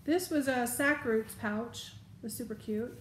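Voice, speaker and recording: A woman's voice: on the high side, unhurried, reverberant, slight background noise. A woman chatting casually as she packs her bag, thinking aloud. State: has the hiccups. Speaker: vlogger. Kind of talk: casual show-and-tell.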